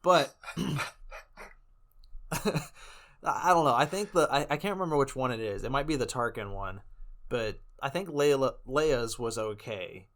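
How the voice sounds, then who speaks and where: A man's voice: medium pitch, expressive, a little slow, long pauses, fairly bright tone. A man co-hosting a podcast in casual chat, rambling and laughing often between jokes. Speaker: podcast co-host.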